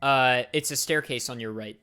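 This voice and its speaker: A man's voice: medium pitch, normal speed, sharp tone, clean tone, soft background music. A man runs a tabletop game, describing the scene in a loose, casual way. He fills his talk with "like" and "uh" as he narrates. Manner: casual, filler-heavy description. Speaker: dungeon master.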